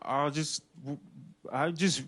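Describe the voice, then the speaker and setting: A man in his thirties from Illinois, answering questions on a comedy club stage in a slow, hesitant, deadpan way full of fillers. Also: a little high. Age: 30s. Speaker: comedian being interviewed. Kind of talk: slow halting comedy chat.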